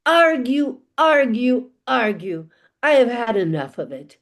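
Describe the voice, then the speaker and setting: A woman's voice: fairly high pitch, expressive, measured pace, a little mellow. Woman doing a grumpy bossy dead man. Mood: exasperated. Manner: impatient, scolding.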